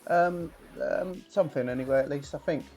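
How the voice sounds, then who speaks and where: A man voicing a brisk, professional barmaid who is businesslike and stops often for fillers. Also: a little high, darkish tone, faint music behind, natural voice.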